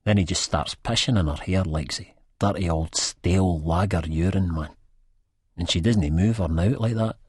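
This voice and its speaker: A husky, low-voiced Scottish man narrates an audiobook in first person. He mumbles and hesitates, stumbling over words in a dry, close sound. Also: moderate pace, a little mellow, dry recording.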